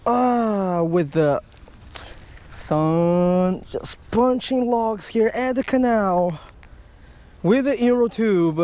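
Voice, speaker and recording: A man's voice: sits high, a little mellow. A man vlogging a fishing trip outdoors by a canal, explaining as he goes in a chatty way and checking in with "right?". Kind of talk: outdoor fishing vlog narration. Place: outdoors by a canal and creek on a hot day.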